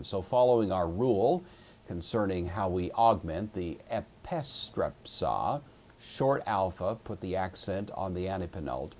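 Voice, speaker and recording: A man's voice: low voice, darkish tone, slightly rough. A man teaching a recorded language lesson, explaining patiently and methodically with occasional fillers. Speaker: Greek teacher. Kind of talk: recorded classroom lecture.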